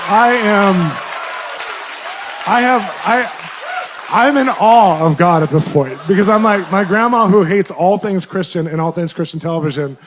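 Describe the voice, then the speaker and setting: A man, a Christian minister, tells a personal testimony in a lively way, laughing often and jumping up in pitch for his own quoted reactions. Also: a little hiss or hum. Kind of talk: animated personal storytelling.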